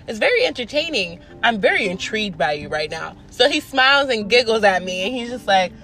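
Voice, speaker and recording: Animated young woman telling a story. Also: a little high, a little fast, hardly any pauses, faint music behind. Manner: animated, profane, acts out quoted voices. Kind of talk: casual storytelling.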